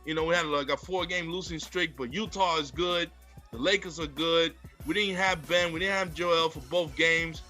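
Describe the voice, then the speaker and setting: A man's voice: a little high, moderate pace, sharp tone, soft background music. A young man co-hosting a podcast, hyped, boastful and playful in casual sports chat. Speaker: podcast co-host.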